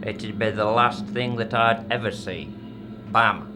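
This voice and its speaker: A man playing a gruff local with a warning. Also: on the low side, unhurried, noisy background, lightly acted. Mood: worked up. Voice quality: blunt, grumbling, dialect-heavy. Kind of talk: folk horror audio drama. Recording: music bed behind.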